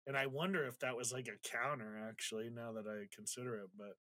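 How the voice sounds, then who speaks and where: A man's voice: mid-range voice, fairly even intonation, fast, pushed and bright, no room sound. Candid, emotional man telling a story. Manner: candid, swears freely, acts out quotes; reflective, gets emotional while recounting. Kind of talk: casual storytelling conversation.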